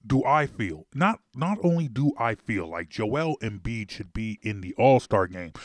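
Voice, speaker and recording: A man's voice: on the low side, very animated, moderate pace, few pauses, no echo, studio quality. A man hosting a casual sports podcast, emphatic and worked up, repeating himself for stress. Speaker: podcast host.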